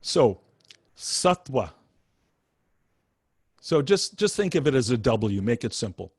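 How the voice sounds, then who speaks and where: An older man teaching meditation over a video call, unhurried, with frequent fillers and restarts as he spells out and pronounces each syllable of a chant. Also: medium pitch, very animated, a little mellow, husky, no room sound, studio quality.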